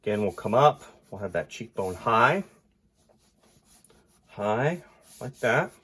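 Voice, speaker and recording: Congested male artist, husky and low-pitched, casually narrating his drawing with mumbled asides. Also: very animated, slow. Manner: thinks aloud while drawing, often trailing into quiet mumbles. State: congested, stuffy nose.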